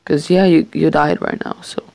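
Man gamer, casual play commentary, gravelly and unhurried, jokey bragging and frequent swearing, dry close sound. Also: fairly high pitch, no room sound. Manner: excitable, swears, jokingly boasts. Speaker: gamer playing a survival match. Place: his bedroom.

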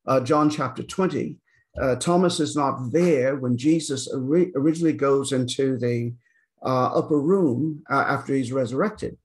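This Bible teacher, a man whose medium-pitched voice is a little mellow, lectures informally on the Bible. He keeps checking in with "okay?", uses many fillers, and puts scripture into casual, conversational paraphrase.

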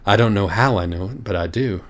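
A man's voice: on the low side, a little fast, lightly acted. A man voicing a blunt female pony who speaks abruptly.

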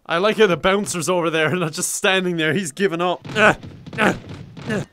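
A young man in his twenties with an Irish accent, giving joking, excitable gameplay commentary and often yelling and laughing. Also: sits high, brisk, noisy background. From Ireland. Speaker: gaming YouTuber.

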